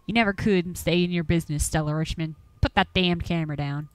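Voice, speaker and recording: Woman playing a crusty old Appalachian hunter, drawling and stubborn, voice pushed low, dry sound. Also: a little fast, smooth, dry recording, soft background music, natural voice, rough recording. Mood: gruff. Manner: folksy drawl, grumbling and scolding. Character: gruff old rural man, stubborn chicken farmer and hunter.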